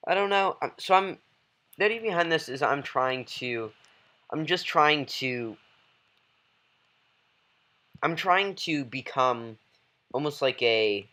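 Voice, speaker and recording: A man giving rambling, excitable gameplay commentary as a YouTuber, talking straight to his viewers. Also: a little high, slow, long pauses, low-quality recording. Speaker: gaming YouTuber.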